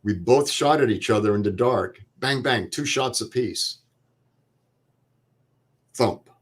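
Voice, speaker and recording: Older man telling a war story. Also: mid-range voice. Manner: plain vivid retelling with quoted dialogue and pauses. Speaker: veteran guest. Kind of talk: interview storytelling.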